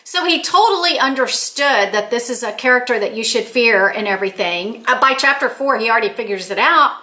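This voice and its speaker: An older woman talks straight to her viewers, spinning a chatty, excited story and slipping into the voices of the people she quotes. Her voice is bright and clear and sits a little high. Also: fairly quick. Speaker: author and channel host. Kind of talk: casual storytelling to camera.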